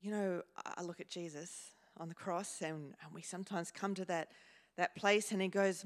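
A woman pastor preaching a sermon in a church, slow and measured, pausing and repeating words as she goes. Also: lowish voice, fairly even intonation. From Australia. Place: church hall.

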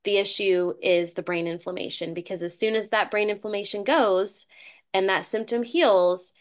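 A woman's voice: mid-range voice, normal speed. A middle-aged woman hosting a podcast, talking earnestly in a loose, conversational way with many fillers and restarts. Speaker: podcast host. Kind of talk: casual conversational interview.

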